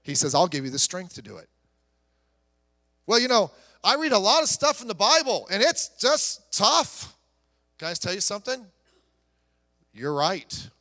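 Guy pastor preaching, high bright voice, big echo from the church hall around him. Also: sing-song, moderate pace, long pauses. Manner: emphatic preaching that drops to soft storytelling. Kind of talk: sermon.

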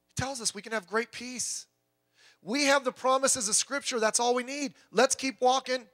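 A man's voice: very high voice, steady tone, normal speed, a bit bright. A middle-aged man preaching a sermon in a folksy, joking, conversational way.

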